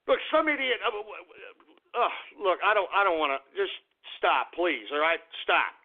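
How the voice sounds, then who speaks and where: A man's voice: sits high, very animated, normal speed. A man hosting a radio show, ranting crudely with a lot of profanity. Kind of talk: call-in radio rant. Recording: narrow phone-like radio audio.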